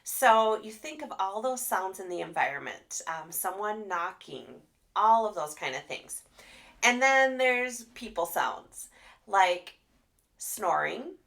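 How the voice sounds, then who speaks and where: A woman speech therapist leads a casual training session for teachers and parents. Her mid-pitched voice has a slight gravelly fry, and she livens up her explanations with expressive demonstrations. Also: slow. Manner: animated, demonstrates sounds with expressive voice. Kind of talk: live online training talk.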